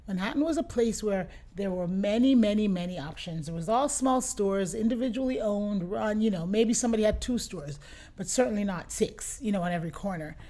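A middle-aged woman who owns a boutique, chatting as an interview guest and telling lively anecdotes, often acting out what her customers said. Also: medium pitch, fairly quick. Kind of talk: casual interview storytelling.

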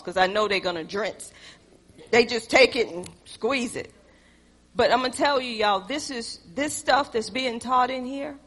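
A woman's voice: a little high, a bit bright, long reverb tail. A woman preaching a sermon, emphatic and conversational with playful asides.

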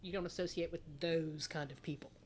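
Animated laughing woman podcaster. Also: deep voice, a little fast, slight background noise. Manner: animated, laughs often, swears freely. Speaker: podcast co-host. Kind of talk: casual chat.

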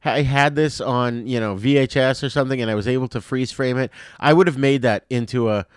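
A man's voice: mid-range voice, fairly quick, smooth, no echo, studio quality. A man co-hosting a film podcast, reading a plot summary steadily and then chatting casually with easy laughs. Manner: reads synopsis steadily, then chats and laughs easily. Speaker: podcast co-host.

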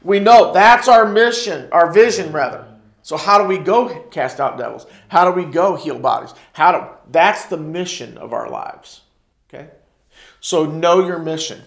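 Gravelly man teaching in an echoey church. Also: a little high, lively intonation, unhurried, a bit bright. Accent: American. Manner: call-and-response, repeats key phrases for emphasis. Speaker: teacher at a church ministry class. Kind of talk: sermon-style teaching. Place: church classroom.

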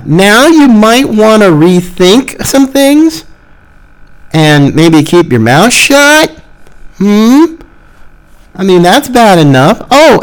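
A man's voice: sits high, poor audio. A man hosting a podcast, delivering sarcastic, exasperated political commentary. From Florida. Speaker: podcast host.

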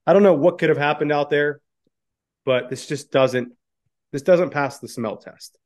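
A man co-hosting a podcast, reading news items aloud and chatting, with frequent "uh" pauses. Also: a little high, a little mellow. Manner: drawling, many "uh" pauses. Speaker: podcast co-host. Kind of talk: casual political chat, reading news aloud.

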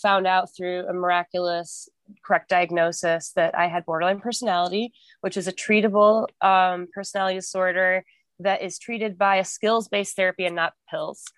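A woman's voice: fairly low pitch, level tone, normal speed, fairly bright tone, no echo. A young woman as a podcast guest and author, speaking candidly and freely about her life, rambling and swearing often.

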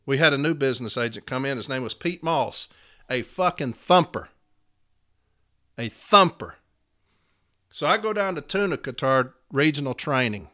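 Union man with a forceful voice, mid-range pitch, speaking with profane, fervent urgency to the rank and file. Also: animated, normal speed, long pauses. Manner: fervent, profane storytelling, from loud pleading to quiet recollection. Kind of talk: impassioned personal speech to union members.

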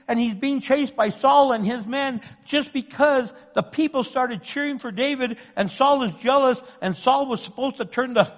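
A man preaching a sermon with passion, moving between loud pleading and hushed tones, in an echoing church hall. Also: extremely high pitch, lively intonation, moderate pace. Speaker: pastor.

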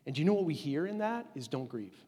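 A man in his forties preaches a sermon with an earnest, conversational delivery, slipping into a near-hush at tender moments. His voice sits a little high and has a husky edge. The sound carries the long reverb of a large hall. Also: lively intonation, rapid-fire. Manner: earnest, conversational, with many "like" fillers, dropping to a hush at tender points. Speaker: pastor.

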